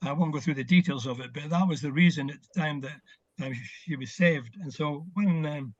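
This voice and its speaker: An older man, once a footballer, is an interview guest on a casual video call, reminiscing warmly and filling his stories with fillers. His voice sits on the high side and moves briskly. The recording is dry and lo-fi.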